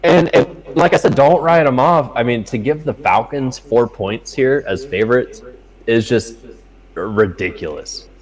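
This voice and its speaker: A man's voice: mid-range voice, moderate pace, poor audio. A young man co-hosting a casual sports betting chat, swearing often and telling stories animatedly. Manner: profane, animated storytelling. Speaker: podcast co-host.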